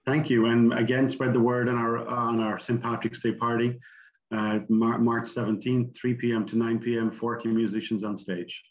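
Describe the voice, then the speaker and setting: A man's voice: medium pitch, little pitch movement, moderate pace, lo-fi sound. A man who directs an arts center, speaking as an interview guest in a friendly, promotional way.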